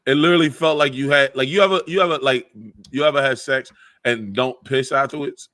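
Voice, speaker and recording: Male comedy podcast co-host, crude rambling storyteller, mid-pitched. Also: fairly even intonation, fairly quick, sharp tone. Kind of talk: crude casual banter.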